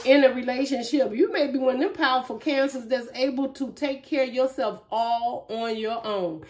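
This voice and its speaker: High voiced woman doing a tarot reading, chatty, emotional, talks right at ya. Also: mellow. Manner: emphatic, chatty, emotional, addresses viewers directly. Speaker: tarot reader. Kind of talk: casual tarot reading to viewers.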